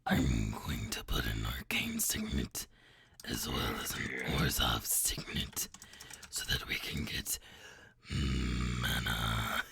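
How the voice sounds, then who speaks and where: Brief: woman doing a low creepy whisper voice, slinky and menacing. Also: very animated, slow pace, vocal fry, fairly bright tone, a little hiss or hum, full character voice. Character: deep whispering evil voice, creepy.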